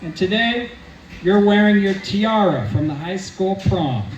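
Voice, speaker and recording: A man's voice: sits high, animated, unhurried, lo-fi sound, over music. Man doing an earnest proud dad's toast. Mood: sentimental. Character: proud sentimental dad giving a toast. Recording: roomy, distant mic, faint background hum.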